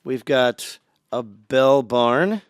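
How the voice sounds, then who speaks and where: A man co-hosting a podcast in casual chat, an animated storyteller who acts out the people in his jokes. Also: medium pitch, extremely slow, smooth, no room sound, studio quality. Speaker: podcast co-host. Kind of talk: casual chat, telling a joke.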